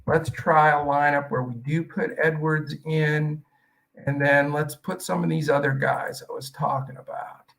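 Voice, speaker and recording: A man's voice: on the high side, steady tone, unhurried, creaky, a bit bright, far from the mic, rough recording. A man hosting a live stream, talking in a rambling, chatty way with many fillers. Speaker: host.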